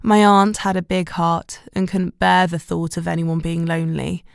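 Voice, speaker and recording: A woman narrating a romantic comedy audiobook in the first person, wry and measured. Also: on the low side, flat delivery, creaky, clear, resonant tone, dry recording, clean studio sound.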